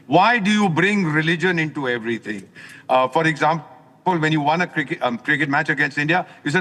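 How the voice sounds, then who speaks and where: Older man, forceful indignant diplomat, slightly high voice, long reverb on the line. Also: lively intonation, fairly quick. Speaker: former ambassador. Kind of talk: live news commentary by phone. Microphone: phone while driving.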